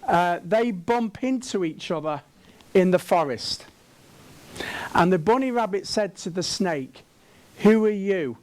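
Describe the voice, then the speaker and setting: A man with an English accent gives a keynote at a conference, speaking at a slow, unhurried pace. His voice sits high for a man. He jokes with the audience and keeps putting questions to the room. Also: animated. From England. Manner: jokey, asks the room questions. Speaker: keynote speaker and sales trainer.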